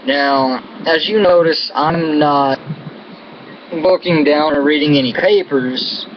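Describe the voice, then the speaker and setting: Speaking slowly in a higher-than-average voice, an American vlogger rants to camera about politics, angry, profane, and heaping on contempt and insults. Dull, low-fidelity audio carries an air-conditioning hum.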